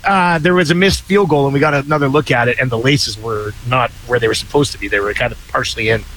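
A man's voice: mid-range voice, fast, a bit bright, a little hiss or hum, low-quality recording. A man hosting a casual sports radio show, joking, laughing often and reading out ads and listener texts.

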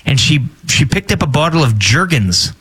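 A man's voice: a little high, big pitch swings, moderate pace, fairly bright tone, slightly rough, rough recording. A man co-hosting a radio show in casual chat, chatty and giving tips.

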